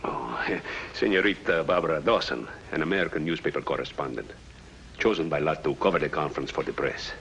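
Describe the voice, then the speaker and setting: An actor playing a halting, formal Latin American government official in a 1950s TV drama. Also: male voice, very deep voice, a bit bright. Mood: worried. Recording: dull old TV soundtrack with faint hiss.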